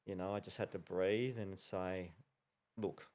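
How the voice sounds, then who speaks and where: A man, a podcast co-host telling a lively story in casual chat, laughing often. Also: sits low, moderate pace. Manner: animated storytelling with laughs and slang.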